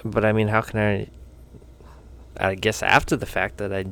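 Very deep, gravelly-voiced man. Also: level tone, normal speed, a bit bright. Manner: brief, laid-back replies. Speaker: podcast co-host. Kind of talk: casual chat.

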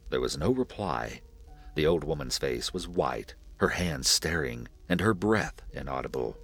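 A man narrating a classic horror story in a deliberate, measured reading. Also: extremely low pitch, expressive, husky. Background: faint music.

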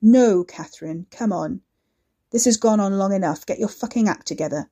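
Woman voicing a threatening man, swaggering, loud, goading, coarse, mellow tone. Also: mid-range voice, normal speed, breathy edge. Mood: furious, goading. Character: menacing, swaggering male brute, taunting and volatile.

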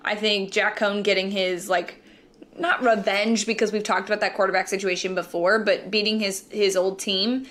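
A woman's voice: medium pitch, flat delivery, a bit bright. Chatty young woman podcast co-host. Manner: chatty, quick asides, laughs easily. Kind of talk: casual sports podcast chat.

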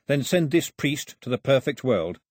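A man's voice: mid-range voice, very animated, normal speed, no room sound, clean studio sound, voice pushed up. A man voicing a blunt, defiant island boy who is the lone survivor of his village.

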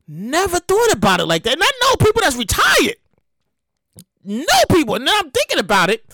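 Woman talking fast and swearing, voice jumping all over the place, dry close sound. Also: high voice, no room sound. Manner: fast-talking, animated, laughs often, swears freely. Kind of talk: casual storytelling monologue.

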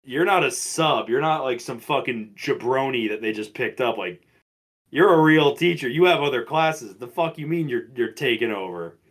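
A man's voice: mid-range voice, moderate pace. A man in his twenties co-hosting a podcast, telling school stories in casual chat, swearing freely and acting out the people in them. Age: 20s. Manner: profane, animated, mimics people in stories. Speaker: podcast co-host.

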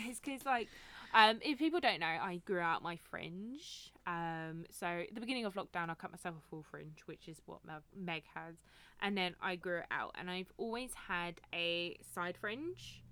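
A woman's voice: on the low side, a bit bright. Giggly British woman chatting. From England. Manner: giggly, swearing freely. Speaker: podcast co-host. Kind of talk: casual chat.

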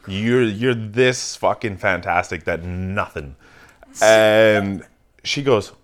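A man hosting a casual chat, telling a long story in a swearing, animated way. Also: fairly low pitch, slow pace. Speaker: podcast host.

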